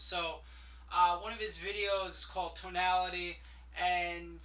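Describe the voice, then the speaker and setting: A man's voice: high-pitched, a bit bright. A man teaching sales in a loose, rambling way, full of fillers and restarts. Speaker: sales coach and business owner. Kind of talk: casual teaching talk to camera. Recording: echoey room, mic at a distance.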